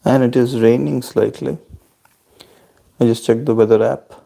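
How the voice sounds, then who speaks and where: A man from India, chatting on a video call with his family and answering their questions in a measured, thoughtful and polite way. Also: medium pitch, steady tone, creaky, warm tone.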